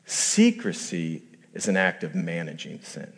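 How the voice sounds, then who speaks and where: A man's voice: low voice, huge pitch swings, measured pace. A male pastor giving a conversational sermon, acting out quoted voices and rising to emphatic peaks. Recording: long hall reverb.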